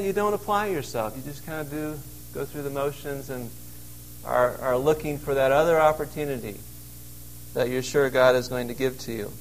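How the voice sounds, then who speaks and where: A man delivers a sermon in an earnest, conversational way, leaning into emphasis whenever he quotes. His voice sits a little higher than most men's. He is speaking from inside a cave out in the wilderness. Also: rough recording. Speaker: pastor.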